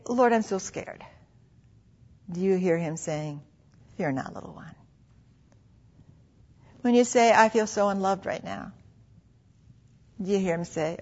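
An earnest middle-aged woman gives a devotional sermon in an intimate way, her voice sitting at an ordinary middle pitch. At times she sinks into a soft hush. The recording sounds a little dull and lo-fi.

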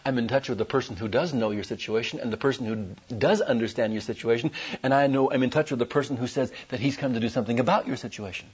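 A man preaching a sermon as a traveling evangelist, telling animated stories with folksy humor. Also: medium pitch, breathy edge. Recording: dull lo-fi recording.

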